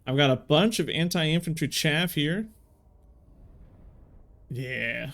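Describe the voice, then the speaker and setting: Slow-talking man narrating his game. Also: on the high side, lively intonation, a bit bright. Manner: thinks aloud while playing, casual slang. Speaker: let's play host. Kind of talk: video game commentary.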